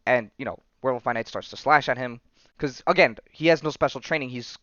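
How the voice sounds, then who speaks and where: A man's voice: mid-range voice, fast talker, a bit bright, no room sound. A male podcast host casually recapping a comic story, rambling with lots of fillers, on a slightly muffled recording. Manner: rambling, filler-heavy, says "you know" and "right".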